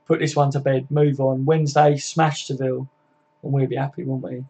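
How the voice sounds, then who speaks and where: A man's voice: medium pitch, flat delivery, a little fast, warm tone, slightly rough. A man hosting a casual live football chat, reading and answering viewer comments by name, swearing freely and laughing often. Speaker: livestream host.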